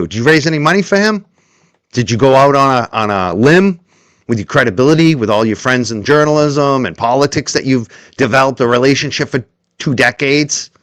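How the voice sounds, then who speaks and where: A man's voice: mid-range voice, a bit bright, no room sound, studio quality. A man hosting a heated commentary stream, taunting and swearing and hammering rhetorical questions. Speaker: show host.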